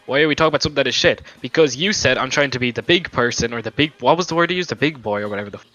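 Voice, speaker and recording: A young man argues heatedly in gaming voice chat, swearing, rambling and defending his logic. His medium-pitched voice races along, pushed and bright, with no echo, over a lo-fi voice chat mic and faint music.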